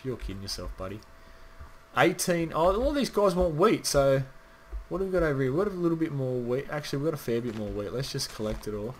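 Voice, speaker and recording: A man's voice: mid-range voice, a little hiss or hum. Chatty man narrating his gameplay. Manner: rambling, chatty, swears casually, talks to viewers. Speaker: gaming channel host. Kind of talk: casual gameplay commentary.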